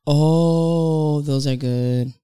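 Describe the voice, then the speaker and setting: Woman co-host, crisp, dry studio sound, playful teasing banter. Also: deep voice, extremely slow, dry recording. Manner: laughing, teasing, animated storytelling. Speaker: podcast co-host. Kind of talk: casual chat.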